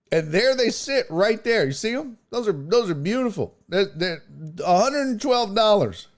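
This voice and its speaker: A man's voice: high-pitched, sing-song, unhurried. A man hosting a casual live stream, ranting in a profane, exasperated way and slipping into mocking voices when he quotes people. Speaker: show host.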